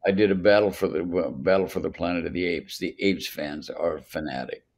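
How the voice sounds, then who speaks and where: A man's voice: low voice, fairly even intonation, fairly quick, darkish tone. An older man, a songwriter guest on a podcast, telling long anecdotes with many restarts. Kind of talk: storytelling in a podcast interview.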